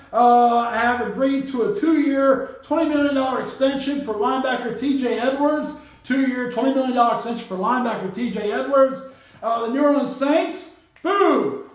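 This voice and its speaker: A man hosting a casual solo sports podcast, rambling and joking as he acts out teams and players in quick put-on quotes. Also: very high-pitched, animated. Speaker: podcast host. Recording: very echoey room.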